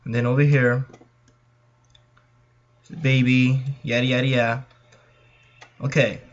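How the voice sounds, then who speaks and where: A man's voice: mid-range voice, flat delivery, slow. A young man with a Californian accent, chatting nervously to viewers as he plays through a horror game. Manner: jittery, chatty, talks to viewers. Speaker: gaming channel host. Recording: dull lo-fi mic.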